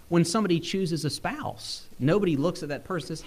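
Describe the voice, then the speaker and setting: A young male preacher, delivering a sermon. He is a bit sick, and his delivery swings in pitch and pace, with frequent chuckles. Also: big pitch swings, moderate pace. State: sick, using cough drops.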